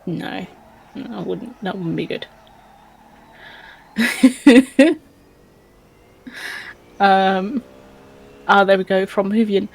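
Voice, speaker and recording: A woman reads out chat messages on a casual live stream and giggles often. She speaks slowly and hesitantly, with many ums, and her pitch sits in the middle. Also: vocal fry, slightly rough, no room sound, poor audio. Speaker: stream co-host reading chat.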